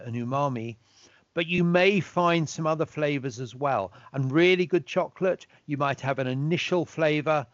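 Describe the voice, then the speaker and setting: A man giving a relaxed, chatty online presentation as a chocolate expert, now and then asking for the next slide. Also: a little high, dry recording. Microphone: video call. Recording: dull, dry lo-fi audio.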